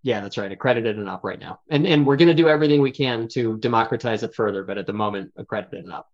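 A man's voice: lowish voice, quick pace. A man who co-founded a startup, explaining his work thoughtfully as an interview guest. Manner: thoughtful, explanatory, frequent fillers. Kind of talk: casual interview chat. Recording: slightly dull lo-fi audio.

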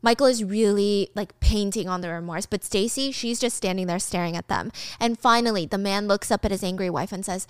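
A young woman casually retelling a drama, animated and swearing freely as she acts out scenes. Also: medium pitch, brisk, hardly any pauses, clear, resonant tone, dry recording, studio quality. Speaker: drama recap host. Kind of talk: casual storytelling recap.

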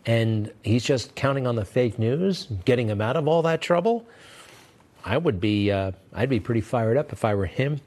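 A man's voice: mid-range voice, expressive, normal speed, a little mellow. Sarcastic male news commentator. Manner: sarcastic, combative, repeats phrases for emphasis.

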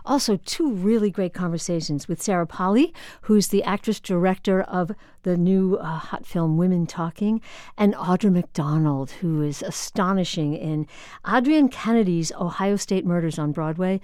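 A woman radio host chats on air, animated and loose, full of little fillers. Her voice is smooth, lowish and clean, with a dry close sound. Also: moderate pace, dry recording. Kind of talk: casual on-air chat.

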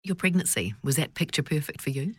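A woman's voice: low-pitched, lively intonation, fast talker, slightly rough, no echo, clean studio sound. A woman with a New Zealand accent who hosts a parenting show, asking friendly, encouraging questions. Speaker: radio show host. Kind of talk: interviewing on a parenting program.

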